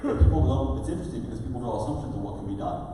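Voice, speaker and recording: A middle-aged man giving a motivational seminar speech, energetic and firing rhetorical questions at the crowd. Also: mid-range voice, racing, noisy background. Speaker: real estate seminar speaker. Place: large event hall. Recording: echoey hall recording from far off.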